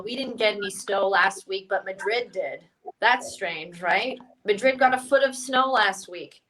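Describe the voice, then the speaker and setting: A young woman from Canada doing a stand-up comedy set for an online stream, with a deadpan, self-mocking delivery. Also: mid-range voice, a little slow, a little hiss or hum, rough recording.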